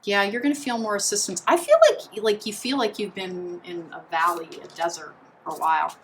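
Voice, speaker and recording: A woman's voice: mid-range voice, steady tone, fairly quick, fairly bright tone, rough recording. A woman doing a pick-a-card tarot reading in a chatty, meandering way, full of restarts and fillers. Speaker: tarot reader.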